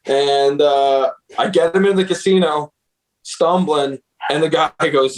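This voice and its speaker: Young man, casual storyteller, profane, laid-back, higher pitch. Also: moderate pace, poor audio. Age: young adult. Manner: laid-back and profane, laughs while telling stories. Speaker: guest, concert booking agent.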